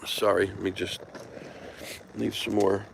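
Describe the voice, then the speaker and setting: A man casually chatting on a livestream in a halting, meandering way full of ums, gently coaxing a cat at times, recorded outdoors. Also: fairly low pitch, level tone, gravelly. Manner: coaxing and tender when speaking to a cat. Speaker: livestream host. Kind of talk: casual rambling livestream chat. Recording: noisy outdoor recording with passing traffic.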